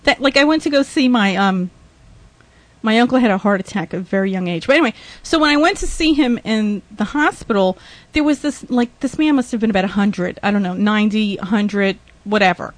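A woman's voice: medium pitch, fairly quick, no echo. A woman hosting a podcast, ranting indignantly with swearing, rambling asides, laughs and sighs. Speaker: podcast host. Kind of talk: ranting monologue.

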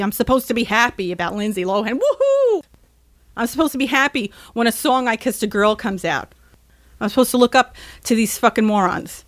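A woman's voice: on the high side, no echo, clean studio sound. A woman hosting a podcast, ranting in an agitated, sarcastic and profane way before chatting with a caller. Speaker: podcast host. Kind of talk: ranting monologue, call-in chat.

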